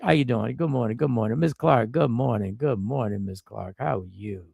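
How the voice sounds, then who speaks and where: Gravelly-voiced man hosting a stream with a cold. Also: medium pitch, normal speed, no room sound, studio quality. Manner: animated, riffing and repeating himself; greets viewers by name. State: stuffy nose from a cold. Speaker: live stream host. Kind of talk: casual live-stream commentary and chat greetings.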